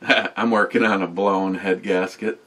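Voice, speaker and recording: A man in his sixties hosts a beer review, chatting casually to camera in a rambling, profane way. He cracks jokes and talks back to a voice assistant, his low voice sharp in tone, fairly even in intonation and measured in pace.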